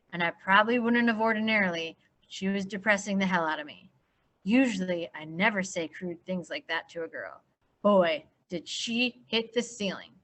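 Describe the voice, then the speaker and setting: A woman English teacher reading a first-person novel aloud in an expressive, casual manner. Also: mid-range voice.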